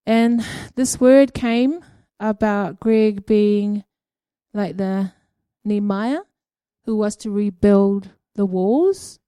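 A woman gives an informal church teaching, talking through her experiences in a loose, halting way full of ums and tag questions. Her voice is mellow and warm, and the recording is dry and close. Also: medium pitch, clean tone, no room sound. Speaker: church speaker sharing prophetic experiences.

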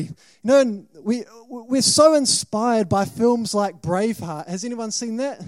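A man's voice: very high-pitched, a little slow, hardly any pauses, dry recording. A man with a New Zealand accent preaching a sermon, questioning and dramatic, rising to emphatic bursts.

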